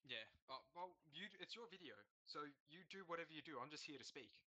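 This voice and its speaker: A man's voice: a little high, fast talker, pushed and bright, poor audio. A young man chatting casually and sarcastically while playing an online game, laughing and swearing. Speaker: gamer co-host. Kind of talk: casual gaming chat.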